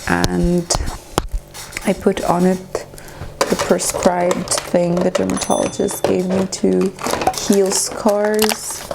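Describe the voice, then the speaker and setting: A woman's voice: fairly low pitch, completely flat delivery, slow, creaky, poor audio. A young woman in her twenties vlogging at home to camera, talking candidly and nervously about the pain she is in. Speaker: beauty vlogger. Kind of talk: casual vlog talk to camera. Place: at home indoors.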